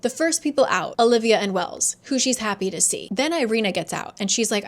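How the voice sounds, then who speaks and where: A woman casually recapping a novel's plot, sarcastic and chatty, acting out the characters' lines with quick asides and the odd swear. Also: a little high, expressive, slight background noise. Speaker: book reviewer.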